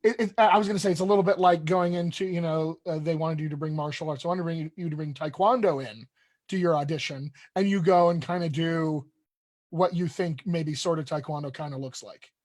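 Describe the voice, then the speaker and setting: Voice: mid-range voice, steady tone, a little fast, a little mellow. A dialect coach on a live panel, speaking thoughtfully with some hesitant restarts.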